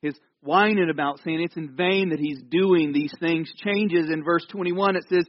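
A male pastor preaching a sermon in a conversational way, swinging from loud, lively storytelling to hushed, quiet moments. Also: on the high side, normal speed, few pauses, no room sound, lo-fi sound.

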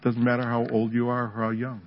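A man's voice: medium pitch, monotone, fairly quick. A man, a pastor, preaching and praying aloud in a church service, in an earnest, conversational way. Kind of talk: sermon with prayer ministry. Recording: dull lo-fi audio with music behind.

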